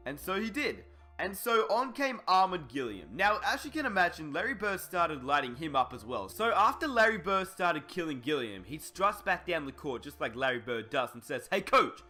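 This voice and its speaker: A male narrator tells a sports story in a scripted documentary read. His voice is bright and forceful, with a fairly high pitch that swings a lot. Soft background music runs underneath. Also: sing-song, normal speed.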